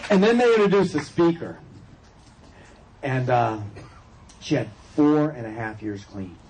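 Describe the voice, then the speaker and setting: A man's voice: medium pitch, lively intonation, unhurried. A man from California speaking at a recovery convention, telling his personal story in a loose, joking way with asides to the audience. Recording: crowd and noise behind. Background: audience laughter and room noise.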